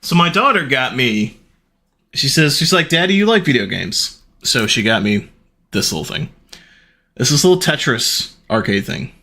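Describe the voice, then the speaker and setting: A middle-aged man chatting casually on his stream, telling stories in an animated, rambling way. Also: moderate pace. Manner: animated, rambling storytelling with big pitch jumps and laughs.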